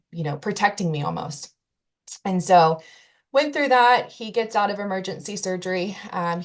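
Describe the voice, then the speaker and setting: A woman's voice: on the low side, a little mellow. A woman telling an emotional personal story in an interview, earnestly recounting events and quoting what people said. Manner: earnest, emotional retelling with quoted dialogue. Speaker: guest telling her story.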